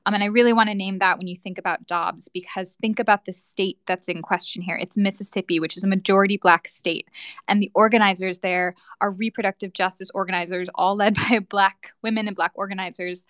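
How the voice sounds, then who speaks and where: Woman advocate on a panel, measured explainer, dry close sound. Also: mid-range voice, fairly even intonation, fairly bright tone, no room sound. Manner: explanatory, measured, frequent fillers. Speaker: panelist, advocacy organization staff. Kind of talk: panel discussion.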